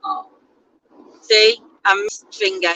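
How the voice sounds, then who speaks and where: A woman's voice: mid-range voice, wildly swooping pitch, drawn-out words, pushed and bright, lo-fi sound. A woman, chatting casually and teasing herself during a road trip, recorded in a moving car. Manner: chatty, self-mocking. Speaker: vlogger. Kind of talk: casual chat. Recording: car noise in background.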